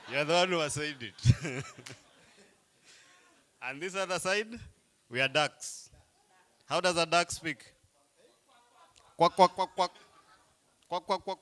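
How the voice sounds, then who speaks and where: A man's voice: on the high side, pushed and bright. A man, playfully coaxing a crowd as he leads a group icebreaker game at a live event. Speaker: workshop facilitator.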